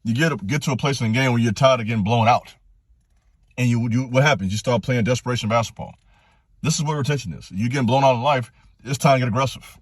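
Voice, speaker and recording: A man's voice: fast talker, slightly rough, no room sound, clean studio sound. A man hosting his own channel, giving a blunt, preachy motivational talk with repeated commands, his voice climbing into passionate bursts. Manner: direct, preachy, repetitive exhortations, rising to passionate pitch. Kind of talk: fired-up motivational monologue.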